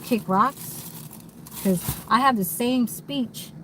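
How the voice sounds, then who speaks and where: Bright-voiced blunt woman vlogging. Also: on the high side, takes it slowly, a little hiss or hum, poor audio. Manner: rambling, blunt, swears freely. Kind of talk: candid unscripted monologue.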